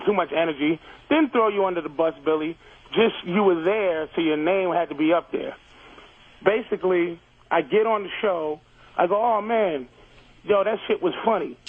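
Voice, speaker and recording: A man calling in to a radio show by phone, defensively and bluntly retelling his side with plenty of swearing. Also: sits high. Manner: defensive, blunt storytelling, profane. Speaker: caller on the phone line. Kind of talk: heated on-air argument. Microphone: telephone. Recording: tinny phone line.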